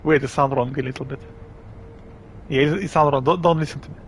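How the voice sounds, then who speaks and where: A man with a Russian accent chatting casually and haltingly with viewers while streaming a game. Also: on the high side, steady tone, a little hiss or hum. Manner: chatty, halting, reads chat aloud and laughs often. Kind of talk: live game stream chat.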